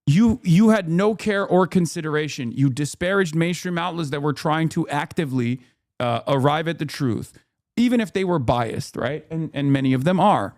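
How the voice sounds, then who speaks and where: Guy ranting on his stream, kinda high voice, swears a lot, dry close mic. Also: animated, normal speed, a little mellow, no echo. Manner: emphatic and profane, lots of fillers and restarts. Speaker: streamer and political commentator. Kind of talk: casual commentary rant.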